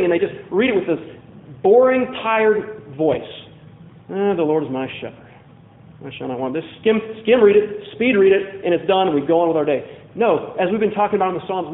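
A man's voice: high voice, echoey room, phone-quality sound. A man from Louisiana preaching a sermon in a conversational storytelling way, asking the congregation questions. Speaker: pastor.

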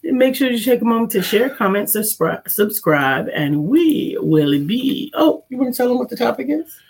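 A woman's voice: on the high side, sing-song, moderate pace, darkish tone, a little hiss or hum. A woman co-hosting a casual morning talk show, playful, repeating greetings in a sing-song way. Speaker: co-host.

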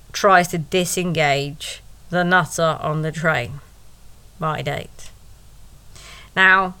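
A woman's voice: fairly low pitch, pushed and bright, clean tone. A woman telling a first-person story in a wry, sarcastic way, with asides to the listener.

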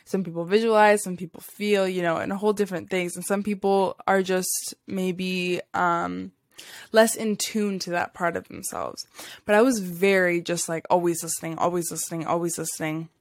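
A woman's voice: lowish voice, moderate pace, dry recording, studio quality. Rambling woman telling a spiritual story. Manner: rambling, many fillers, frequent laughs. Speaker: podcast host. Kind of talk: casual spiritual storytelling monologue.

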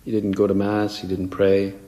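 A man's voice: deep voice, completely flat delivery, moderate pace, warm tone, lo-fi sound. A man, a priest, preaching a homily in a conversational way and acting out the voices he quotes. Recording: echoey hall with long reverb.

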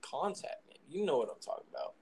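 A young man co-hosting a podcast in casual chat, teasing his co-host with deadpan jokes. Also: on the high side, fast, gravelly, breathy edge, no echo. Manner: joking, teasing, deadpan banter.

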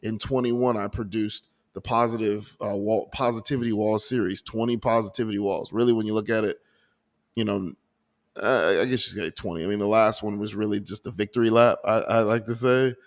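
A man's voice: on the low side, fairly even intonation, a little fast. A man hosting his own podcast, talking earnestly and emotionally about his month, often restarting his sentences. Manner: earnest, emotional, many restarts and repeated words. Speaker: podcast host. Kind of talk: reflective personal audio journal. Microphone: desk microphone.

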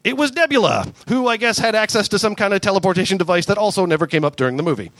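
A man doing a deadpan comic reading of a crude story at a live show. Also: sits high, racing, dry recording. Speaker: comedian reading fan fiction. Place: live comedy venue.

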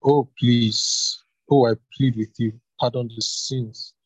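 A man reads Moses, a leader begging God to spare his people. His husky voice stays earnest and often drops low. The sound is dry and close. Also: little pitch movement, normal speed, dry recording, low-quality recording. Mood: pleading.

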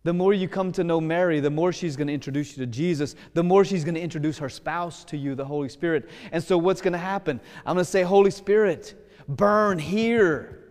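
A man preaching a sermon with passion, swinging between loud pleading prayer and hushed, gentle speech. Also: a little high, fast, few pauses, big-room sound.

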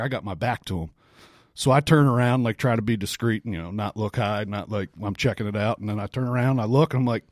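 A man co-hosting a podcast, telling a story in a casual, profane, animated way with frequent laughs. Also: medium pitch, a little fast, no room sound, clean studio sound. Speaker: podcast co-host.

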